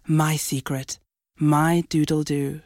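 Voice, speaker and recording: A low, sultry female ad voice, played by a woman lingers over every word in a slow, hushed purr. It is a mock chocolate commercial read, drawn out and seductive. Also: flat delivery, dry recording, studio quality.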